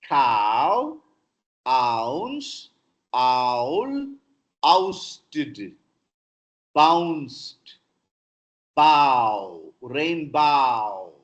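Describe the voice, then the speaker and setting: A man with an Indian English accent lectures on pronunciation over a video call, sounding out word lists one by one. He speaks at a very slow, careful pace in a somewhat high voice. The audio is dull and lo-fi, like a laptop mic. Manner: slow, deliberate modelling of sounds. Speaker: professor teaching pronunciation. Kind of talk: online lecture with word drills. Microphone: computer mic on a video call.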